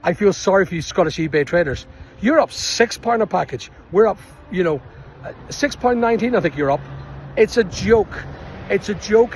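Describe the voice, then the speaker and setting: A man's voice: high-pitched, animated, moderate pace, slight background noise. A middle-aged man from Northern Ireland with a Northern Irish accent, an online seller venting indignantly to camera about rising costs. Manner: exasperated, indignant, repetitive. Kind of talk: angry rant to camera.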